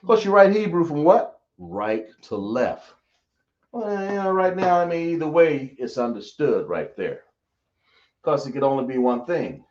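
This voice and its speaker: A man's voice: mid-range voice, a little mellow. Man teaching in an echoey room. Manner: drawling, self-correcting, asks the class questions. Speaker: Hebrew teacher. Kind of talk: teaching a class. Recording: echoey, dull lo-fi room recording.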